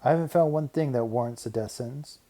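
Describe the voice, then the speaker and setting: A man voicing a weary Roman governor in a Bible story, speaking firmly and deliberately. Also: mid-range voice, warm tone, natural voice. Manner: firm, deliberate, pleading.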